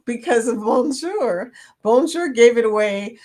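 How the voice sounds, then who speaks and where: A woman's voice: on the high side, lively intonation, a little slow, a little mellow. A middle-aged woman hosting a casual live chat, reading viewer comments aloud, chatty and silly and laughing often. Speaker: livestream host.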